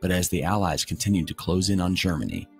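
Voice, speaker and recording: A man reading documentary narration from a script in a measured, formal way. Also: sits low, expressive, creaky. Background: background music.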